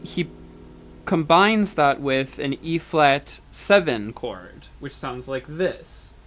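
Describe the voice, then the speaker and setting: A man's voice: fairly high pitch, animated, takes it slowly. A man giving a university music lecture, explaining step by step, counting beats and humming rhythms, with frequent fillers and restarts.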